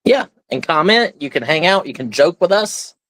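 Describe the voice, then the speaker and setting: A man hosting a live online auction stream chats casually and rambles, explaining each item as he shows it. His voice is a little high and a bit bright, very animated, at normal speed, with no echo.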